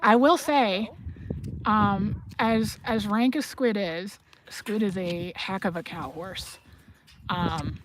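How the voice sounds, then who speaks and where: A woman hosting a casual livestream, chatting, telling animated stories and reading chat questions aloud. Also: mid-range voice, takes it slowly, noisy background. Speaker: host of a livestream. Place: outdoors at a horse barn.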